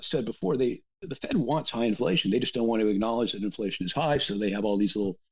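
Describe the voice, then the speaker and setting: A man talking in a casual, animated rant, with lots of restarts and asides. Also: medium pitch, quick pace, husky. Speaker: podcast guest. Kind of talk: casual ranting conversation. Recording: dull lo-fi sound.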